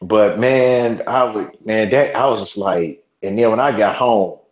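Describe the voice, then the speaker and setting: A man's voice: on the low side, unhurried. A man in his forties, a podcast host, telling a story in casual chat, rambling with lots of restarts and cursing. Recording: roomy, dull lo-fi sound.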